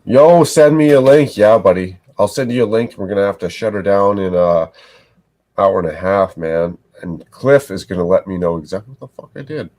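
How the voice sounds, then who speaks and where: A man with a low, darkish voice talks fairly quickly as he live streams from his home setup, building sets. Chatting casually with viewers, he rambles, curses, and talks to himself.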